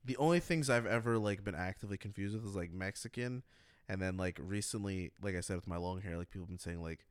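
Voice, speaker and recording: A man's voice: sits low, fast, clean tone, dry recording. A young man from the Middle East in casual chat, laid-back and full of filler words.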